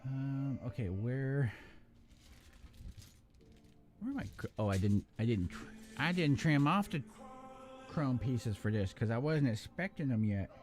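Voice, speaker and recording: A man's voice: medium pitch, expressive, measured pace, long pauses, darkish tone, soft background music. A man hosting a live build stream, chatting casually and rambling, often breaking off mid-sentence and swearing now and then. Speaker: live-stream host building model kits.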